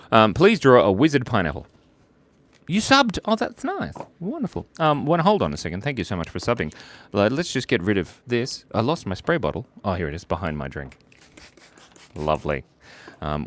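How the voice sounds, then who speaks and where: A giggly man hosting a live drawing stream at home, cracking silly jokes as he draws. His voice is low but swings up and down a lot. He chats along in an easy, playful way. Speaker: art stream host.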